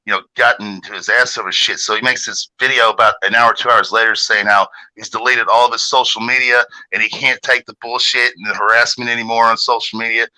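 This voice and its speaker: On a livestream panel, a man tells a long story in casual, profane talk. He is animated, and his pitch jumps sharply upward whenever he gets outraged. The audio quality is poor.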